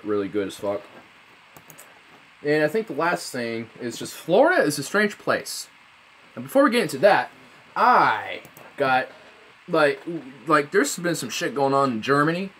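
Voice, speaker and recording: A young man rambling through a casual vlog, swearing a lot, sarcastic and prone to sudden loud high outbursts. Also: animated, unhurried, slight background noise. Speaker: vlogger.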